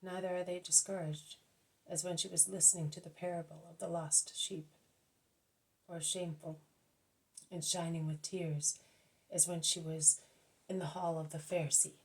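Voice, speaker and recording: A woman reading a devotional book aloud at a careful, measured pace, now and then correcting herself. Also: on the low side, level tone, darkish tone, poor audio. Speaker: audiobook reader.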